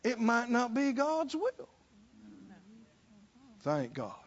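High-voiced preacher, lively and unhurried. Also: male voice. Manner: rhythmic repetition, rhetorical questions, call-and-response with congregation. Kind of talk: sermon. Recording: dull lo-fi sermon recording.

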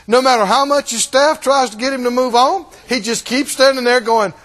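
A man preaching a sermon, laughing often and acting out the scripture scenes in lively voices. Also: extremely high pitch, moderate pace, hardly any pauses.

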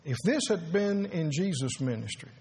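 A man preaching a sermon as pastor, earnest and halting, repeating words and rising to emphasis. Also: a little high, expressive, a little mellow.

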